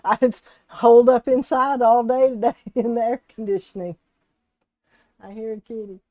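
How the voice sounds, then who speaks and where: A woman's voice: on the high side, flat delivery, moderate pace, dark tone, no room sound, muffled recording. A woman from Texas and Alabama with a Southern US accent, hosting a casual live crafting stream, chatty and often laughing as she greets viewers by name. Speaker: live-stream host and resin artist.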